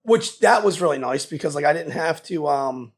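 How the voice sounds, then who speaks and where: A man in his thirties with a Philadelphia accent, telling his story in a casual interview, animated and loose, saying "dude" a lot. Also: a little high, moderate pace. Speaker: guest.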